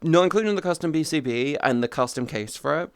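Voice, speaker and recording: A man's voice: on the high side, lively intonation, fast, clean tone, no echo, clean studio sound. A young adult man chatting casually on a live stream, rambling, swearing freely and restarting his sentences. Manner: rambling, profane, restarts often.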